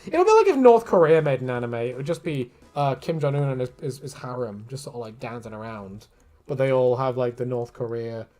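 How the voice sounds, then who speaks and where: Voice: mid-range voice, animated, fairly quick, darkish tone. A streamer chatting casually while drawing, rambling, swearing freely and laughing often.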